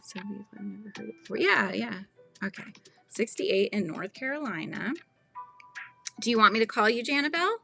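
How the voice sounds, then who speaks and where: With soft music in the background, a woman hosts a casual live stream, crocheting as she chats, giggles, and reads viewer comments aloud. Her mid-range voice is animated, brisk, and bright, with a forceful tone and some vocal fry.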